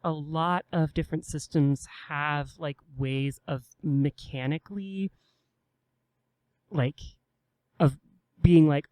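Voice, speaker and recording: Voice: mid-range voice, takes it slowly, long pauses, a little mellow, dry recording. A podcast co-host giving casual advice, explaining step by step and acting out a new player's inner questions.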